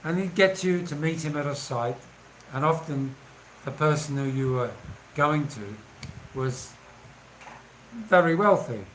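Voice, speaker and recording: A man in his sixties tells anecdotes in a chatty, casual way and laughs easily. His voice sits slightly high for a man. Faint ambient noise can be heard behind him. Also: unhurried, pauses often, a bit bright, poor audio. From England. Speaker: vlogger. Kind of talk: casual storytelling.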